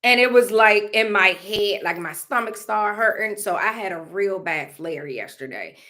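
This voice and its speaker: A woman's voice: medium pitch, lively intonation, normal speed, bright, forceful tone. Candid woman talking to her vlog. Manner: candid, rambling, with laughs and many fillers. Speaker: vlogger. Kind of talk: casual heartfelt vlog talk.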